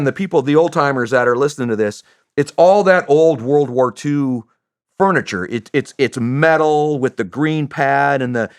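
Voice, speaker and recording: A middle-aged American man, a retired soldier, telling a story as a podcast guest in an animated, rambling way with restarts and swearing. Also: fairly high pitch, no echo, clean studio sound. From United States. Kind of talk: casual anecdote telling.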